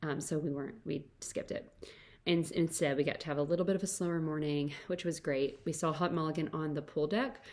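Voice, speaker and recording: Young adult woman, low-pitched podcast host, casual rambling storyteller with constant "like" fillers. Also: steady tone, fairly quick, a little mellow. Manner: chatty, fills every phrase with "like".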